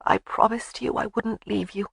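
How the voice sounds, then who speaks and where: A male narrator voicing a spirited young Highland bride in a raised, teasing voice. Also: steady tone, moderate pace, creaky, fairly bright tone, slightly rough, no echo, exaggerated voice. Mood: tender teasing.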